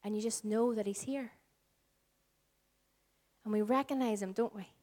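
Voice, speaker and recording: A woman in her forties with a Northern Irish accent, preaching a sermon as pastor, earnest and shifting between slow emphatic lines and soft, hushed phrases. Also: medium pitch, steady tone. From Northern Ireland. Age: 40s. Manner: earnest, varies pace, drops to soft whispers for emphasis.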